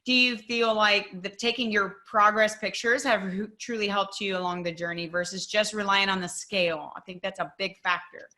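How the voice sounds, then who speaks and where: Upbeat woman coach host, bright and forceful voice. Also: medium pitch, steady tone, normal speed, hardly any pauses. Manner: encouraging, upbeat. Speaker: podcast host, fitness coach. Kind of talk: interview hosting.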